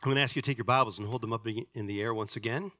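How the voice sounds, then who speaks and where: A man preaching a sermon to his church, pressing the congregation with questions and dropping to a hushed voice to pray. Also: rapid-fire, no room sound, clean studio sound. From United States. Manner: preaching with rising intensity and direct questions to the congregation; drops to a quiet, low voice in prayer. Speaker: pastor. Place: church sanctuary.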